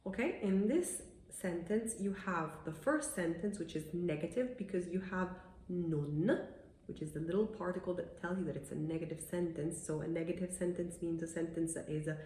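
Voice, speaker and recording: A woman teaching in a video lesson, recorded in a room with a clear echo. She is chatty and explains patiently. She slows down to read each example sentence clearly. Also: fairly low pitch, dark tone, a little hiss or hum. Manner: chatty, laughs at her own examples. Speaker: Italian language teacher.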